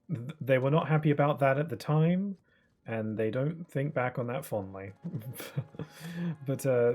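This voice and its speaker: A young man in his twenties chats casually during a live gaming stream, rambling with plenty of fillers and restarts. His voice is mid-range and a little mellow.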